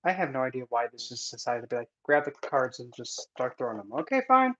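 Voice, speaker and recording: In a casual Q&A, a vlogger and spiritual instructor talks fast in a steady, mid-range, fairly bright voice. He rambles, jokes, and interrupts himself mid-thought. His in-ear headset mic yields dull audio.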